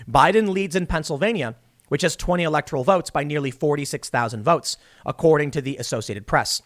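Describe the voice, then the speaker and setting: A man's voice: a little high, fast. A man hosting political commentary, reading news articles and adding sarcastic, opinionated remarks. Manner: animated, sarcastic, mocks opponents.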